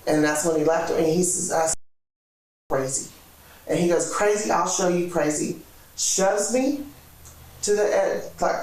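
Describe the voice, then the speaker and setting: A woman in an interrogation, animatedly recounting events and acting out quoted dialogue. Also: fairly low pitch. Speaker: interrogation subject. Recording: echoey room, distant mic.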